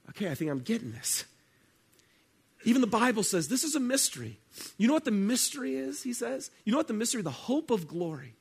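A man delivers a sermon as pastor. His voice sits a little high, and he talks earnestly. He swings from loud, pressing emphasis to quiet, drawn-out phrases. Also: husky. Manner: earnest, shifts between loud emphasis and hushed, slowed phrases.

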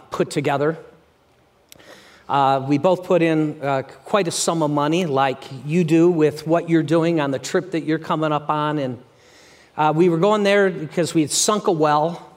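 Delivering a sermon, this middle-aged pastor is lively and animated, though at moments he drops to a hush. His pitch leans toward the high side.

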